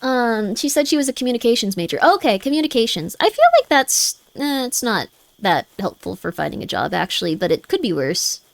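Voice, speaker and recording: Woman streamer, casual game chat, high bright voice, dry close mic. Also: no room sound. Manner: chatty, animated, says "like" a lot.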